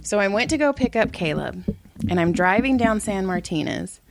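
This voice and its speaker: A woman's voice: mid-range voice, animated, moderate pace, vocal fry, dry recording. A middle-aged woman co-hosting a podcast, casually telling profane family stories and acting out what everyone said. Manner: blunt, profane storytelling with acted-out quotes. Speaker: podcast co-host. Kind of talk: casual chat.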